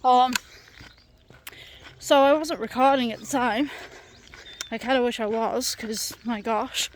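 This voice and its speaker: British woman, fairly high voice, chatty and exasperated, outdoors walking, faint outdoor ambience. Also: fairly even intonation, takes it slowly, a little hiss or hum. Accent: British English. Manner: chatty, exasperated, lots of fillers. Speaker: vlogger. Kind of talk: ranting storytime vlog. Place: outdoors on a countryside path.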